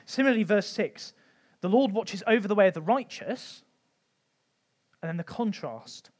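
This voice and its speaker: Church teacher, male, higher-pitched, chatty and informal, lots of ums. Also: a little mellow. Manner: conversational, frequent ums, light humour. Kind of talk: informal Bible teaching talk.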